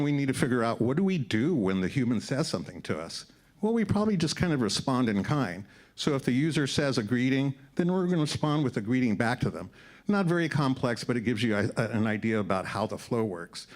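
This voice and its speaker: Male presenter for a short tech talk, upbeat and explanatory, mid-range pitch, speaking to a room. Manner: upbeat, explanatory, walks through slides. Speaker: conference speaker. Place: event room before a live audience.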